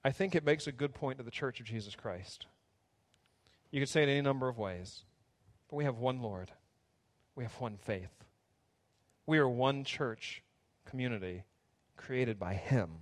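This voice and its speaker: A man's voice: medium pitch, moderate pace, long pauses. A man preaching a sermon as pastor, earnest and preacherly, in a church sanctuary. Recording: long hall reverb.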